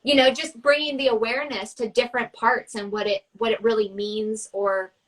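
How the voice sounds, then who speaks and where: A woman artist and coach chatting on a video call, telling lively stories and acting out the people in them. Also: on the high side, normal speed, rough recording. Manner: animated storyteller, acts out quotes. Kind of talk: casual conversation.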